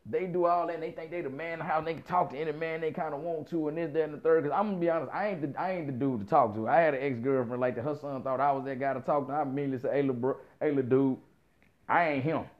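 A man's voice: on the high side, steady tone, rapid-fire, few pauses. Blunt, profane man ranting. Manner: blunt, profane, emphatic with frequent repetition. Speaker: commentator. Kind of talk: casual opinion monologue. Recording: dull lo-fi sound.

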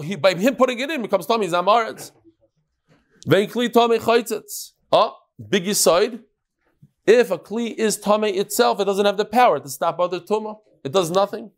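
Animated high-voiced Talmud teacher. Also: male voice, moderate pace. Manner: animated, acts out the sages' voices, mixes Hebrew and Aramaic terms.

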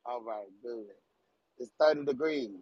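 A man's voice: mid-range voice, measured pace, dry recording. A man calling in to a faith podcast, greeting cheerfully. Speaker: caller. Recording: dull lo-fi line.

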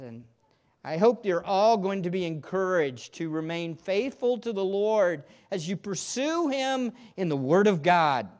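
A male pastor preaching a sermon to a congregation, stressing words emphatically and then dropping into soft asides. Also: sits high. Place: church room with a congregation.

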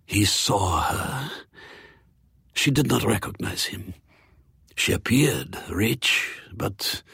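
A man reading a story aloud in a measured, expressive narration. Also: lowish voice, gravelly, breathy edge, dry recording, clean studio sound. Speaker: audiobook reader. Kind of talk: scripted narration.

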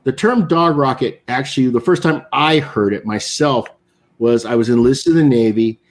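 A man, guest on a live online interview, telling a long anecdote in a relaxed way and acting out what other people said. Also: mid-range voice, moderate pace. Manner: storytelling, acting out others' quotes. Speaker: guest, cigar maker. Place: remote, live online show.

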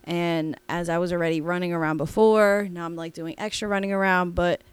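Brief: woman podcast co-host, smooth voice, dry close mic, rambling and animated as she tells a story. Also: fairly low pitch, fairly quick, dry recording. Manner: rambling, animated, with many fillers and restarts. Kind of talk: casual storytelling chat.

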